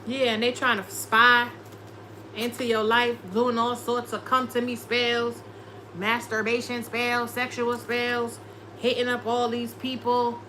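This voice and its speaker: A woman's voice: on the high side, monotone, measured pace, pushed and bright, slight background noise, rough recording. A woman doing a casual tarot reading, sassy and profane, often slipping into quoted voices. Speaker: tarot reader.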